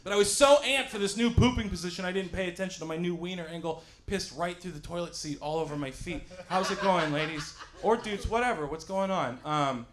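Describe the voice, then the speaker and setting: Stand-up comic, thirties, high voice, yells bits, faint room hiss. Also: male voice, fairly quick, hardly any pauses. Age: 30s. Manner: loud, yelling bits, self-mocking. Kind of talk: stand-up comedy set. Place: small studio stage with live audience.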